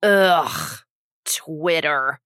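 A woman's voice: low voice, very animated, drawn-out words, fairly bright tone, no echo, full character voice. A woman playing a bored sardonic knife-thrower. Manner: dry and sardonic. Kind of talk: improvised tabletop role-play.

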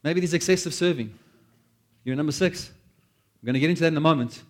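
A man preaching a sermon, animated, acting out quoted prayers and joking at his own expense. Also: fairly high pitch, quick pace. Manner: animated, acts out quoted prayers, self-deprecating asides. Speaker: pastor.

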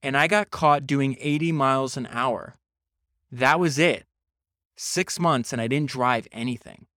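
A man's voice: medium pitch, a little slow, sharp tone, no echo, studio quality. A man putting on a Texas drawl to voice a brash Texan recalling his reckless teenage years. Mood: boastful. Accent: put-on Texas drawl. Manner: boastful, folksy storytelling.

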